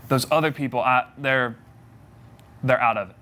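A man's voice: medium pitch, normal speed, bright, forceful tone. A young man giving a sermon, conversational and humorous, acting out the voices in the story he retells. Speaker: preacher.

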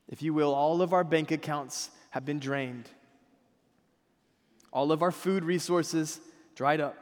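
A man's voice: on the high side, a little slow, pauses often. A man pastor preaching a conversational sermon, drawing the congregation into responses and reading scripture aloud with them. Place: church sanctuary. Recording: long hall reverb.

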